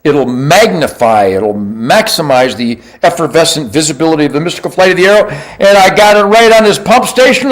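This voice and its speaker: An older man hosting recounts a hunting story in a slightly high voice at a moderate pace, with few pauses. Casual yet boastful and animated, he shifts between loud outbursts and quiet mutters.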